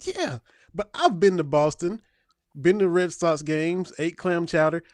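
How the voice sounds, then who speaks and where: Young male co-host, southeastern Kentucky accent, folksy storyteller, higher-ish voice, dry sound. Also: unhurried, a little mellow, dry recording. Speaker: podcast co-host. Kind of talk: casual chat.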